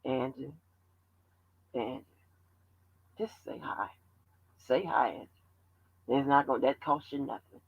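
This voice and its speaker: A woman voicing a calm man who gently coaxes her, speaking in a low murmur. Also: measured pace, creaky, pauses often, slightly rough, lo-fi sound, exaggerated voice. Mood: coaxing.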